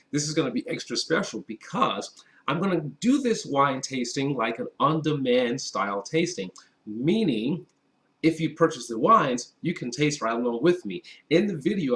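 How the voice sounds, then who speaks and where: A man's voice: medium pitch, expressive, measured pace, fairly bright tone. A man from Wisconsin hosting a casual wine tasting vlog, chatty and upbeat, talking straight to his viewers. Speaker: wine reviewer. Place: indoors at a table with a white background.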